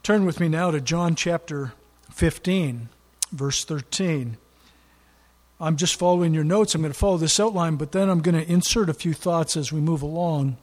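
A man's voice: fairly high pitch, normal speed. A man preaching a sermon in an earnest way, leaning hard on key words for emphasis. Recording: long hall reverb.

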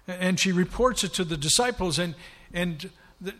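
A man's voice: high voice, moderate pace, bright, forceful tone. A man preaching a sermon, retelling scripture with dramatic, rising emphasis. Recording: long hall reverb.

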